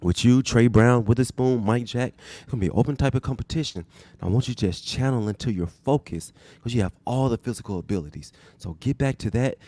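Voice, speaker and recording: A man's voice: mid-range voice, mellow, no room sound, lightly acted. A man doing a sincere older football coach. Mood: earnest. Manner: earnest, measured, reassuring. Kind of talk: impression in a podcast bit.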